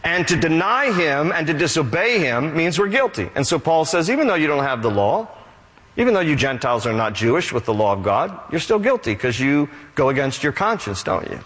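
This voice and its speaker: Man, pastor, expressive sermon, wide pitch swings, reverberant church. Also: fairly quick. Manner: animated preaching, reads scripture aloud.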